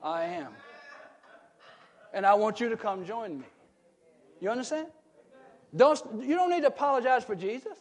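A preacher man with a very high voice delivers a sermon with strong emphasis. He puts questions to his listeners, and his voice climbs into forceful shouts on key points. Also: expressive, normal speed, pauses often. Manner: asks the congregation questions and rises to emphatic shouts. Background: congregation calling out responses.

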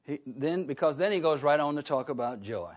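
Animated and fairly quick, a man with a slightly high voice preaches a sermon. He's emphatic and conversational, often questioning his listeners, all captured in a dull, lo-fi recording.

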